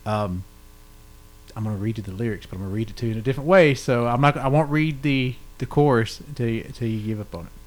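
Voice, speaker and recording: A man's voice: mid-range voice, fast talker, low-quality recording. A man hosting a podcast, chatting casually with a guest and laughing often. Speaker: podcast host. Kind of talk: casual interview chat.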